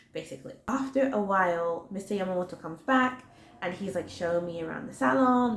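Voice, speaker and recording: A woman in her twenties telling a personal story in a chatty, animated way, full of "like". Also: on the low side, brisk. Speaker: vlogger. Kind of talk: storytime vlog. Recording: roomy echo.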